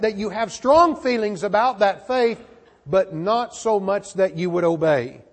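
A man preaching a sermon, earnest, often repeating words as he restarts his sentences. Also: high-pitched. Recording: long reverb of a large hall.

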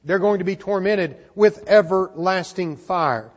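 A man with a notably high voice delivering an earnest sermon, stumbling over and repeating words as he goes. His voice rings out with a long hall reverb behind it. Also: a little slow. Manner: earnest, frequent word repeats and restarts. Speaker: preacher.

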